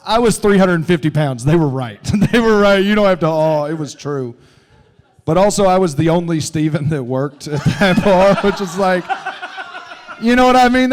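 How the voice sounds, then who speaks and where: A man telling loud, profane, laughing stories on a comedy club stage into a handheld mic. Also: high voice, a little hiss or hum. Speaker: comedian and teacher. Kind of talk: live comedy Q&A storytelling.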